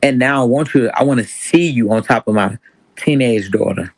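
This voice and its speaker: A man hosts a casual livestream chat. He tells the story with animated energy and keeps slipping into other people's words. His voice is mid-pitched, close and dry, with no room sound. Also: normal speed, no echo, poor audio. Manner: animated storytelling, acts out quotes. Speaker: stream host.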